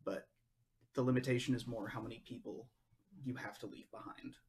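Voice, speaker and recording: A man running a tabletop game as game master, explaining in a relaxed, practical way. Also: medium pitch, a little fast.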